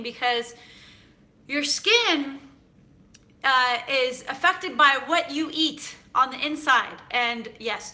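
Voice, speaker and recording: A woman from San Francisco hosts a cooking show, chatting casually in a live stream as she reads viewer comments, animated and full of fillers. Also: high voice. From United States (San Francisco).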